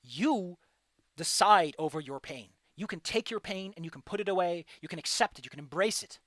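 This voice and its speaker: A man streaming a game, giving casual, animated commentary and ranting with frequent swearing. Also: high voice, brisk, no echo, studio quality. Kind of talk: casual let's-play commentary.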